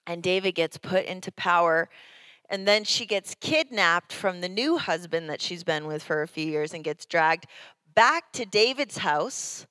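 A woman pastor delivering a sermon, telling the story in a conversational, animated way. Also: fairly low pitch, dry recording.

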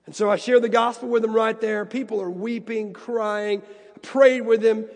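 A man's voice: sits high, steady tone, normal speed, in a large hall. A man preaching a sermon and telling personal stories, earnest and prone to repeating words. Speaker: pastor.

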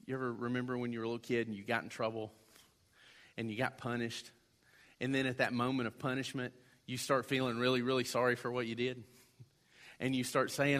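A man's voice: medium pitch, flat delivery, fast, a bit bright. Conversational male preacher. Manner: conversational, acts out quoted voices. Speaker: pastor. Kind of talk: sermon.

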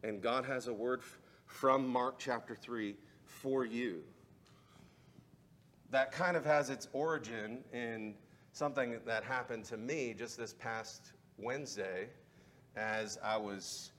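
A man's voice: medium pitch, slow, a bit bright. A man, a pastor, preaching a sermon and telling a personal story, building up to fervent preaching.

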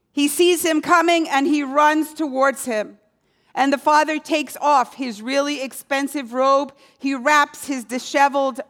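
A woman preaching a sermon, telling a story slowly and letting key words fall low and quiet.

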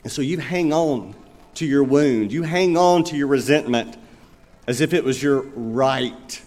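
A man's voice: mid-range voice, measured pace, a little mellow. A man preaching a sermon as pastor in a church, earnest and asking his listeners rhetorical questions. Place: church sanctuary. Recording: long reverb of a large hall.

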